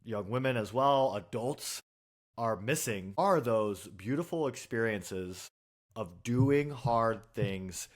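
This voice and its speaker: A man hosts a conversational podcast interview. He sums up his guest's points in an earnest, reflective way, and his voice sits at a middle pitch. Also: expressive, slow pace. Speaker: podcast host.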